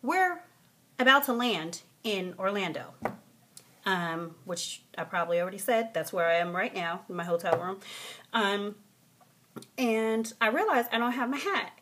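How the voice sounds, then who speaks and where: A young woman vlogging from a hotel room, telling a story in a casual, animated, profane way and mimicking the people in it. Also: mid-range voice, measured pace, a little hiss or hum.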